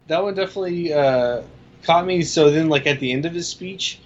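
A man co-hosting a casual movie-review podcast, talking in a relaxed, halting way with many fillers. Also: fairly high pitch, highs cut off, slight background noise.

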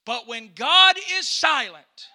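A male pastor preaching a sermon in a church, punctuating phrases with 'uh' and building up to shouting. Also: very high voice, lively intonation, takes it slowly. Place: church sanctuary during a service.

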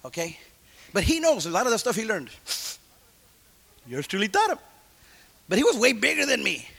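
A middle-aged man preaching a sermon and telling his own testimony in street slang, going from loud calls down to hushed asides. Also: sits high, huge pitch swings, normal speed, vocal fry, husky.

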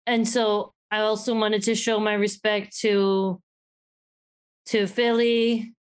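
A woman co-hosting a podcast in casual chat, animated and acting out quoted voices as she talks. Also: medium pitch, slow pace, smooth. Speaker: podcast co-host.

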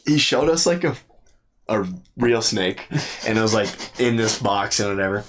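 Lower-voiced young man, noisy recording. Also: expressive, moderate pace. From Texas. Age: young adult. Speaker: college football player. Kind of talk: casual storytelling chat.

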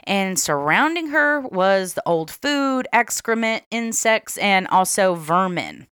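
A woman's voice: medium pitch, animated, takes it slowly, a bit bright, smooth, no echo, studio quality. A woman co-hosting a true crime podcast, reading case details aloud and laughing easily. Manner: reads case notes, laughs often. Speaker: podcast co-host.

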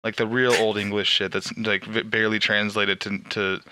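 A man co-hosting a casual podcast, his voice bright and forward. He riffs in crude, jokey banter and laughs often. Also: lowish voice, little pitch movement, normal speed, poor audio. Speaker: podcast co-host.

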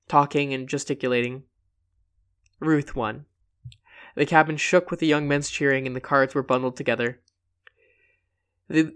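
A man reading a classic short story aloud, giving quoted lines their own expressive emphasis. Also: a little high. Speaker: reader.

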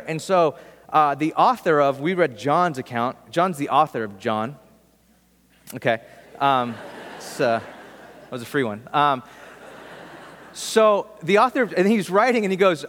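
High-voiced pastor in a reverberant church. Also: male voice, animated, moderate pace, a bit bright. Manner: casual, conversational preaching with humorous asides. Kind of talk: sermon.

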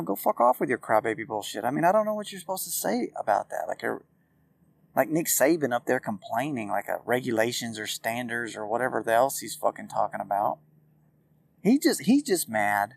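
A man's voice: medium pitch, vocal fry, darkish tone, dry recording. A man ranting through a casual solo podcast, profane, rambling and exasperated. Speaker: podcast host.

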